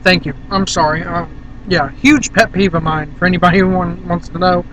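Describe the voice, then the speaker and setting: A man's voice: high-pitched, brisk, a bit bright, muffled recording, a little hiss or hum. A man from Virginia rambling casually and bluntly to the camera in a vlog, filmed on a handheld camera in a car. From Virginia, USA. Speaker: vlogger.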